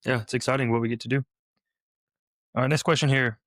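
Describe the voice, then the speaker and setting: A man with an even, monotone delivery asks questions in a casual podcast interview. He mostly agrees in short replies. The recording is dry and close. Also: medium pitch, fast, no echo. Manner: agreeable, brief backchannels. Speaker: intern, co-host asking questions.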